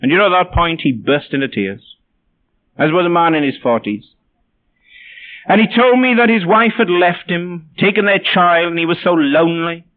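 A man's voice: sits high, expressive, normal speed. A man preaching a sermon, telling personal stories in a wry, self-deprecating way. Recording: tinny phone-like sound.

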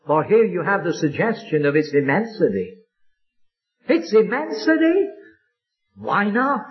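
A man preaching a sermon with fervent, drawn-out emphatic phrases, from an old recording. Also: fairly high pitch, very animated, dull audio.

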